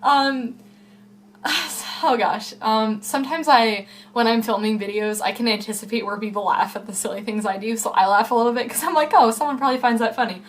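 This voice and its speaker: A young woman YouTuber vlogs casually to the camera from a room at home, rambling, cutting herself off, and leaning heavily on fillers. Her voice is a little high and her pace brisk.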